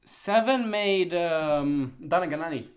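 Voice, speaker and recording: A man's voice: on the high side, lively intonation, slow pace, smooth. A young man co-hosting a casual anime chart chat, ranting with frequent laughter. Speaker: anime season chart co-host.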